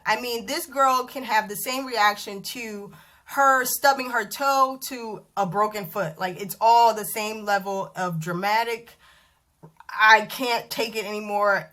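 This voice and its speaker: A woman in her thirties telling a story to camera at home in a chatty, animated vlog style. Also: mid-range voice. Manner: animated, chatty, acts out dialogue. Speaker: vlogger. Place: bedroom at home.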